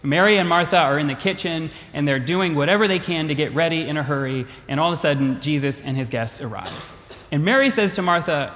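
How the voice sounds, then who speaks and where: A male pastor preaching a sermon, retelling a story with animated, repetitive phrasing. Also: a little high, fairly quick. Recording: long hall reverb.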